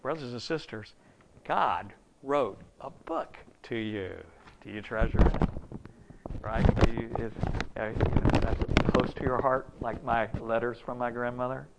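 A man in his fifties gives a folksy sermon, his middle-pitched voice carrying a gravelly edge. He tells stories in a conversational way, sinking to near-murmurs and then climbing loud and high for emphasis. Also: fairly even intonation, normal speed, very noisy. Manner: folksy, storytelling, swings between hushed and loud. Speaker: preacher.

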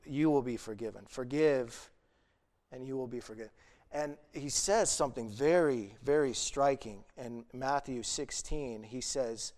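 A man's voice: medium pitch, measured pace, a little mellow. A young man preaching a sermon earnestly, retelling a parable and acting out the pleading voices of its characters.

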